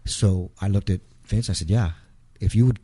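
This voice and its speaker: A middle-aged man as an interview guest, telling an emotional personal story in a halting way, repeating words and acting out quotes. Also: on the low side, dark tone, slightly rough.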